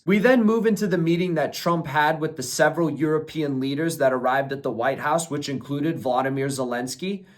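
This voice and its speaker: A young man talking through a political news breakdown on his own, opinionated and blunt, with long run-on sentences. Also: fairly high pitch. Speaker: political commentator. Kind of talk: solo commentary video.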